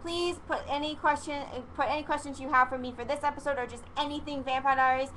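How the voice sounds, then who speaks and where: A young woman with a high, bright voice rattles through an episode recap, rambling and excitable, dropping casual swears and acting out what the characters say. Her chatty vlog is recorded with a faint hiss of background noise behind her. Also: quick pace, low-quality recording. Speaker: vlogger reviewing a TV episode.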